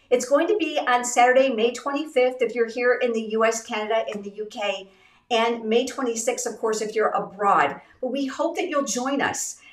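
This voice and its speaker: A middle-aged woman from the United States hosting a craft livestream giveaway, upbeat and chatty, congested and a little raspy from illness. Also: on the high side, fairly bright tone, echoey room, distant mic. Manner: upbeat, chatty, addresses viewers directly. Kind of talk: live-stream product giveaway chat.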